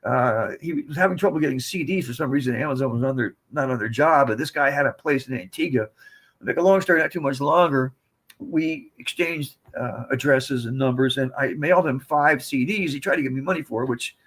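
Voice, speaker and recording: An American man in his seventies, appearing as a podcast guest, tells casual, rambling stories that wander off on tangents. His mid-range voice is fairly bright, and he talks briskly.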